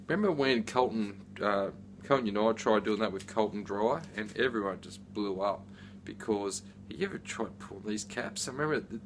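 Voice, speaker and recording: Middle-aged man, low-pitched, rambling chatty vlog talk, faint background hiss. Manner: rambling, chatty, with many fillers. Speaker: beer reviewer. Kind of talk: casual unboxing chat.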